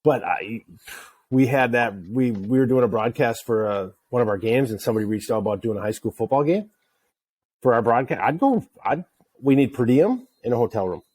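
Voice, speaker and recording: A middle-aged podcast co-host from Wisconsin, chatting with joking, animated energy. His voice sits at an ordinary pitch and is recorded very dry, close and free of room sound. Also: fairly quick, slightly rough, no echo. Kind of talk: casual chat.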